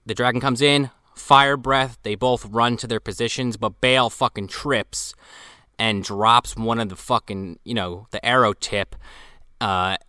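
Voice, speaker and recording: A man's voice: mid-range voice, steady tone, measured pace, pushed and bright, clear, resonant tone, no echo, studio quality. A man casually recapping a movie plot, swearing here and there while he tells the story. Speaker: podcast co-host.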